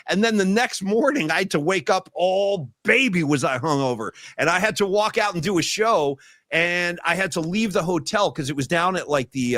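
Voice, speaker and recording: A man with a high, lively voice hosts a casual sports chat and tells stories with bursts of emphasis. The sound is close and dry, with no room around it. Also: no room sound. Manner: animated, storytelling, swings pitch high for emphasis. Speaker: podcast co-host.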